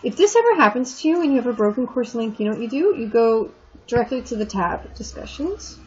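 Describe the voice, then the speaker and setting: A woman's voice: a little high, big pitch swings, darkish tone. Chatty woman teaching French, lo-fi. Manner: chatty, explains slowly, stretches French words. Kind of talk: recorded online lesson. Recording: dull lo-fi screen recording with faint noise.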